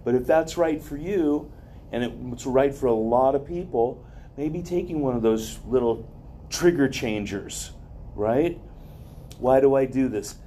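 A man's voice: mid-range voice, measured pace, warm tone, a little hiss or hum. A man giving a motivational wellness talk to a group in a loose, conversational way, full of asides and personal stories. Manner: rambling, conversational, with many asides.

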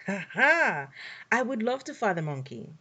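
A woman acts out a hungry, excitable trickster spider from a storybook folktale. He is high and bright, swooping up and down with delight. He talks his way out of any chore. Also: husky, heavily acted. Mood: eager. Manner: eager, sniffing, quick to dodge work. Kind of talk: storybook voice acting.

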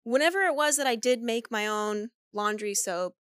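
A woman's voice: a little high, normal speed, fairly bright tone, clean tone, dry recording, clean studio sound. A woman co-hosting a podcast in casual chat, chatty and swearing freely, laughing often. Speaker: podcast co-host.

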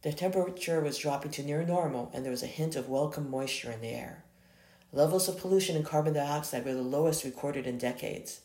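A reader works through a romance story aloud, often stumbling and correcting themself. The voice has steady vocal fry at a middling pitch. It was recorded in an echoey room. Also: fairly quick.

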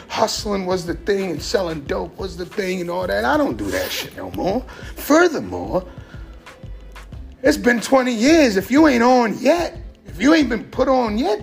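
A man's voice: high-pitched, vocal fry. A middle-aged man giving blunt, profane advice in a casual vlog monologue. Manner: blunt, profane street talk. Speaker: vlogger giving life advice.

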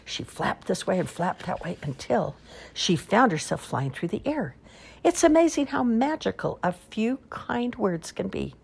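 A woman reading children's stories aloud with expressive storytelling. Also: medium pitch, measured pace, gravelly, slightly rough. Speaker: storybook reader.

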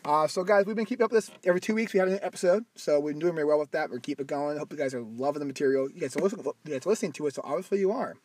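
Talking rapid-fire with few pauses, this Midwest podcast co-host has a slightly high, darkish voice and no echo on the phone recording. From inside a car he rambles, jokes, backtracks, and occasionally stutters.

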